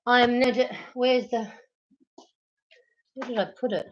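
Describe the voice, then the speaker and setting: A woman's voice: fairly high pitch, fairly even intonation, a little slow, dull audio. A woman chatting casually with viewers of her home livestream, talking straight to them through a laptop mic. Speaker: livestream host. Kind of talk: casual live-stream chat. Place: at home, moving between rooms.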